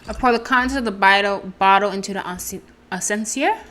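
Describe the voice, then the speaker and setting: A woman's voice: medium pitch, brisk, fairly bright tone, slight background noise. A woman streaming a game, reading its text aloud and chatting with self-deprecating asides. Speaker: gameplay streamer. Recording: game music playing behind.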